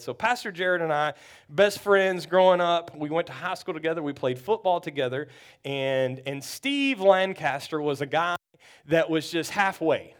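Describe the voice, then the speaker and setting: A pastor from Texas telling a story in a sermon, animated and acting out the people in it. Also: male voice, fairly high pitch. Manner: animated storytelling, acts out quotes.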